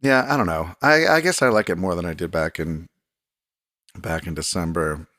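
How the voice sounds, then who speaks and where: Podcast host, male, very low voice, rambling self-deprecating solo chat, close and dry. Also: moderate pace, fairly bright tone, no room sound. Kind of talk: casual solo podcast monologue. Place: desk in a home recording room.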